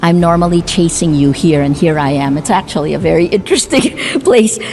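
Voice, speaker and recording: A woman from the Philippines delivering a formal prepared speech to an assembly. She speaks in a measured, emphatic way with deliberate pauses. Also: fairly low pitch, a little mellow. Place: large assembly hall.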